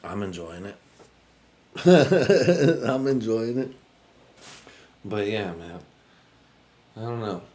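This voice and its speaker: A man's voice: fairly low pitch, slow, pauses often, darkish tone. A man from the United States hosting a podcast, talking in a loose, rambling monologue full of profanity. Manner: profane, rambling, laid-back. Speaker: podcast host.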